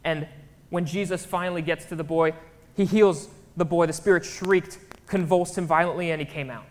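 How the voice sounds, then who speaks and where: A man's voice: fairly high pitch, fairly even intonation, normal speed. A man preaching a casual, conversational sermon in a church, often checking in with his listeners. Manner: chatty, keeps checking in with the crowd. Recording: long hall reverb.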